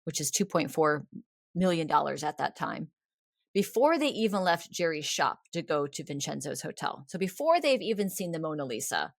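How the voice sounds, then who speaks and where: A woman with a fairly low voice tells a history story as a podcast host. Her delivery is casual and animated, and she often slips into the people she is describing. The recording is dry and close. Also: normal speed, creaky, no room sound.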